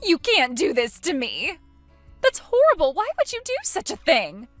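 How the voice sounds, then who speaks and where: A woman voicing a young woman who is entitled and indignant, talking in a high, whiny, outraged tone. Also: very animated, measured pace, a bit bright, dry recording, soft background music, heavily acted.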